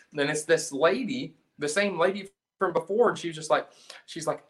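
A man's voice: fairly high pitch, animated, fairly quick, fairly bright tone. A man from South Carolina, a punk band's singer and guitarist, telling a story as a podcast guest in a rambling, profane way with lots of restarts. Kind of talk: casual storytelling chat.

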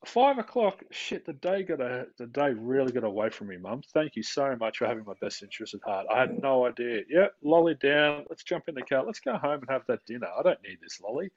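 A man putting on the voice of a calm, oddly reasonable five-year-old child, in a sarcastic, mock-cheerful tone. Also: mid-range voice, fairly quick, hardly any pauses, no echo, voice pushed up. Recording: dull lo-fi recording.

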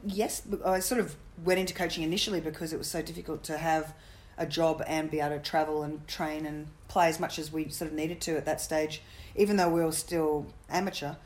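A middle-aged woman, a former cricketer, telling jokey stories in a casual interview. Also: low-pitched. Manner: quick, jokey anecdotal storytelling. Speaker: guest, former cricketer and coach.

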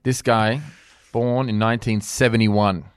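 A man's voice: lowish voice, steady tone, a little slow, clear, resonant tone, no room sound. Easygoing male sports podcast host. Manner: easygoing, laughs along, runs the quiz. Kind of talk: casual chat.

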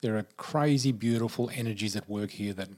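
A man's voice: lowish voice, fairly quick, a little mellow. A man who is an interview guest, telling a personal story in an earnest, emphatic way and repeating words for effect.

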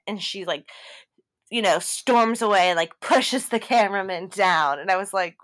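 A woman's voice: mid-range voice, a little slow. A woman co-hosting a podcast in casual chat, telling stories animatedly with many "like" fillers. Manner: animated storyteller, many "like" fillers, laughs often. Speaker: podcast co-host. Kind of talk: casual chat recapping a TV show.

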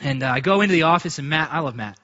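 Bright-voiced man telling a church testimony. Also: expressive, very fast, dull audio. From United States. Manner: storytelling, acts out quoted voices with big pitch jumps. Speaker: church speaker giving testimony. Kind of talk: personal testimony to a congregation.

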